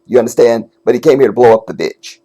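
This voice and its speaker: A man's voice: mid-range voice, fast, mellow, slightly rough, dull audio. Profane, emphatic man reacting to clips. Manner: emphatic, profane, talks straight to viewers. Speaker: commentator host. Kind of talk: casual reaction commentary.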